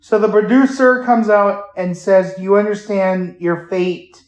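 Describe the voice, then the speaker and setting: A man hosting a casual podcast, retelling a show haltingly with many fillers and restarts. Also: sits high. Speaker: podcast host. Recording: roomy echo.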